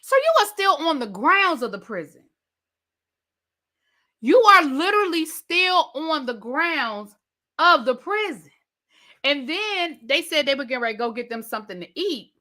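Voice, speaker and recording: A woman hosting a live review, retelling scenes in a lively way and mimicking the people she describes. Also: high voice, moderate pace. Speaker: TV review channel host. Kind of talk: live rant and recap of a reality show.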